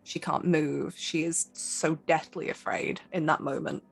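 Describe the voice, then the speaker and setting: A woman describes her character's struggle in a tabletop role-playing game with earnest, vivid detail. Her voice is low, husky and gravelly at the edges. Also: unhurried, soft background music. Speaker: player.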